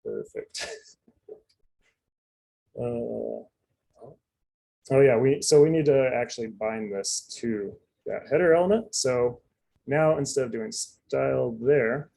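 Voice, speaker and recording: A man's voice: medium pitch, vocal fry, warm tone, a little hiss or hum, poor audio. A man giving a casual live coding demonstration, chatty and loose, full of fillers and asides. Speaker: presenter.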